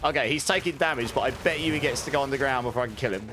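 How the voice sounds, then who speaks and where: A man's voice: mid-range voice, racing, noisy background. A man giving casual, chatty gameplay commentary as a streamer, laughing often and humming little filler tunes. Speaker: game streamer.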